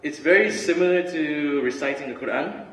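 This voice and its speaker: A young man giving a relaxed, chatty student talk with lots of fillers and restarts. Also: fairly high pitch, moderate pace. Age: young adult. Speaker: student speaker. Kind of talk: casual student talk and spoken word. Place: large hall. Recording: roomy hall recording from far off.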